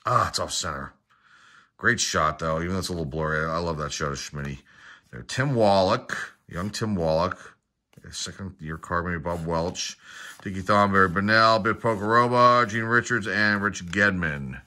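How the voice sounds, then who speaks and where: This middle-aged collector's low voice comes across bright and forceful as he tears into baseball card packs. He lists player names rapidly, one by one, with casual asides mixed into his commentary.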